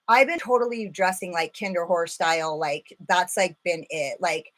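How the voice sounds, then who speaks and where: A woman's voice: on the low side, normal speed, a bit bright. A woman hosting a casual makeup live stream, rambling and swearing freely, full of filler words. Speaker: makeup livestream host.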